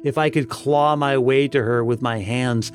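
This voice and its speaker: The anguished ghost of a young mother, as a man puts her on, pleading in a slightly raised voice. Clear music sits behind this storybook reading. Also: mid-range voice, steady tone, measured pace, close to an everyday voice.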